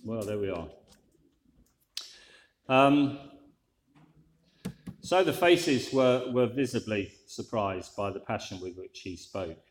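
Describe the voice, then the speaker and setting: A man's voice: lowish voice, slow pace, pauses often, echoey room. A man preaching a sermon in a conversational way, with dry, wry asides.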